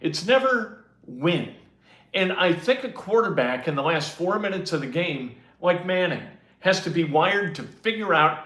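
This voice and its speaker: A man's voice: high voice, lively intonation, unhurried, a bit bright, reverberant. A man co-hosting a casual sports podcast, emphatic and opinionated. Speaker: podcast co-host.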